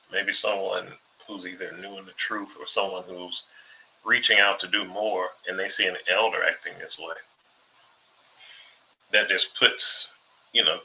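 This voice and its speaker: A man's voice: sits low, pushed and bright, dull audio, a little hiss or hum. A man, a former Jehovah's Witness, telling a personal story in a laid-back, conversational way, full of "um" and "like". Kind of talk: casual storytelling monologue.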